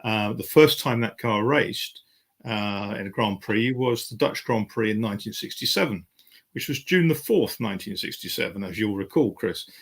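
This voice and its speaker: Older male racing commentator, gravelly and low, unhurried technical chat. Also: animated. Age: 60s. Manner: knowledgeable, detailed, many fillers. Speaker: guest motorsport commentator. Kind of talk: casual chat.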